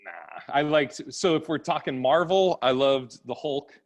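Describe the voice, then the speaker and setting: Laughing guest comic on a call. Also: male voice, a little high, expressive, a little slow. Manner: laughs often, acts out voices in anecdotes. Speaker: stand-up comedian guest. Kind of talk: casual chat. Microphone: video call.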